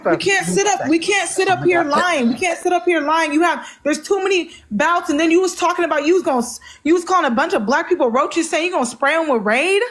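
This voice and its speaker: Woman, high-pitched, livestream host, confrontational, swearing, heated argument. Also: quick pace, few pauses. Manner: angry, confrontational, heavy profanity. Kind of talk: heated live-stream argument.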